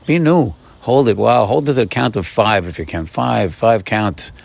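A man's voice: fairly low pitch, normal speed, vocal fry, no room sound. A man teaching Torah in an informal morning talk, urging listeners on with repeated phrases and sudden bursts of emphasis. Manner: warm repetitive exhortation, often saying "my friends"; animated, rising bursts of emphasis.

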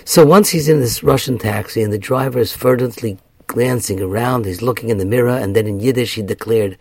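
A man's voice: mid-range voice, a little fast, husky, no room sound. A man, a rabbi, delivering an earnest sermon that weaves in a story and builds to raised, emphatic passages.

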